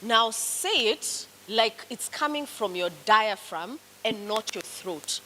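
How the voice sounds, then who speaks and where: Slightly high and expressive, with a sharp edge, this woman's voice comes through a rough recording with faint background noise. She has a Kenyan accent and teaches public speaking, coaching her students slowly through exercises with encouraging commands.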